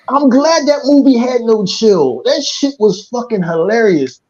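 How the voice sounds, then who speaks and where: A man co-hosting a casual podcast, telling stories in a loud, profane way and slipping into impressions. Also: extremely high pitch, measured pace, hardly any pauses. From Philadelphia area. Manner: profane, animated storytelling with impressions. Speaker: podcast co-host. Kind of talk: casual chat. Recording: dull lo-fi stream audio.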